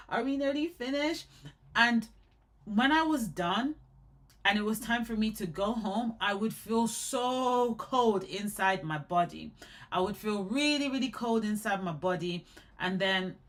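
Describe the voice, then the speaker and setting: A young adult woman in casual live commentary on hair care, chatty and animated, often repeating and restarting words. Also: mid-range voice.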